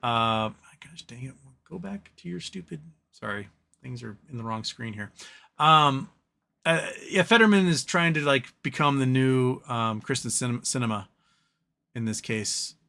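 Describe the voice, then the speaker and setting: With lively intonation, vocal fry and a sharp tone, a man of medium pitch talks a little slowly. He hosts a livestream, reading chat comments out loud and ranting with rambling, profane opinions.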